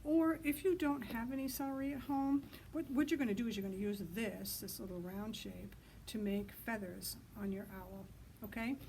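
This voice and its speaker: A woman librarian leading a children's story time outdoors, reading in an animated sing-song way and hooting loudly to get kids to join in. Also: on the high side, moderate pace, gravelly, hardly any pauses, a little hiss or hum, poor audio.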